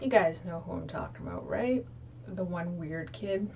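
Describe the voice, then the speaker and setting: A woman's voice: fairly low pitch, normal speed, gravelly, darkish tone, highs cut off, a little hiss or hum. A young woman chatting casually to her viewers, filling her talk with ums and likes, recorded in a small room. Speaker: YouTube creator. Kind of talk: casual chat to camera. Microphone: low, distant mic. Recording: distant mic in small room.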